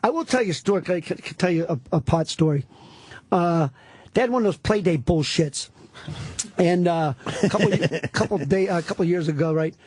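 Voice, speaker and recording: In casual talk-radio banter, a middle-aged comedian spins profane, meandering tales with lots of animation, speaking at a moderate pace in a high voice with a breathy edge.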